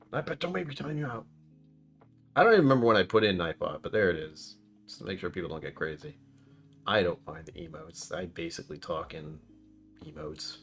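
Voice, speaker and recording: A man's voice: deep voice, creaky, a bit bright. A man casually chatting on a live stream while reviewing a whiskey, rambling and reacting to his chat.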